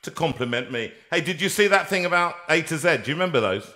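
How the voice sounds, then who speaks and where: A man's voice: on the high side, expressive, fast, pushed and bright. A man hosting a casual interview, chatting in a playful, teasing way. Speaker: host.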